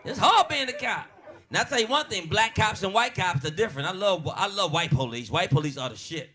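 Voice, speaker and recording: Brash high-voiced stand-up comedian with Baltimore accent. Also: male voice, animated, brisk. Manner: loud, brash, profane crowd work. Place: diner comedy show with live audience. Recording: noisy crowd in a diner. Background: audience laughter.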